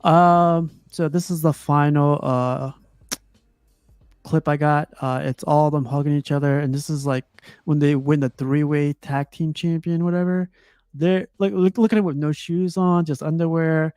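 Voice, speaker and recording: A man hosting a casual movie review chat, talking loosely with plenty of "like" fillers and quick laughs. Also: fairly high pitch, steady tone, a little mellow, clean tone, no room sound, clean studio sound. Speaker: host of a movie review show.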